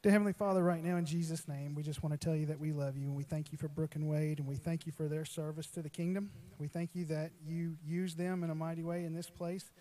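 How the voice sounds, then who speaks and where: A man's voice: fairly high pitch, steady tone, fast, hardly any pauses, warm tone. A man from a church worship team leading a fervent spoken prayer with repetitive phrasing.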